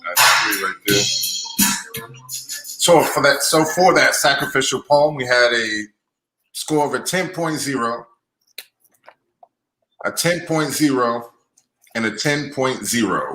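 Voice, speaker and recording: Bright-voiced man hosting in an echoey room. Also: medium pitch, expressive, slow, pauses often. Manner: loose, joking, repeats phrases. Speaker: poetry slam host. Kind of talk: casual hosting chat. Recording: echoey room with faint music.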